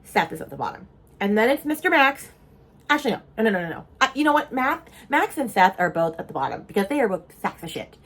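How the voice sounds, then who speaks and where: A young woman vlogging casually about a book she is reading, chatty and animated, with mock-outraged asides and casual swearing. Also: medium pitch, fast.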